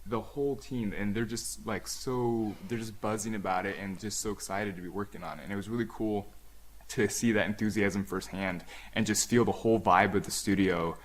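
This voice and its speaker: A man's voice: lowish voice, steady tone, moderate pace. A man guest on a podcast, chatting casually and enthusiastically, rambling with lots of fillers. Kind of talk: casual chat.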